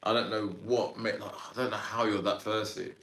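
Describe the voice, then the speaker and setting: A man in his thirties tells a story as a podcast guest, animated and slangy with lots of fillers. His voice sits on the low side. The room around him has a noticeable echo. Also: normal speed, gravelly, a little hiss or hum. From Sudan, raised in Ireland. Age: 30s. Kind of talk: casual storytelling interview.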